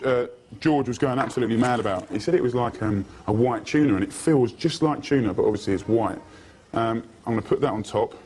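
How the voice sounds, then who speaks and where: A man's voice: medium pitch, background noise. A man talking through a cooking demonstration in a kitchen, chatty and loose, full of "sort of" and "kind of". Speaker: TV cook. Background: frying and sizzling.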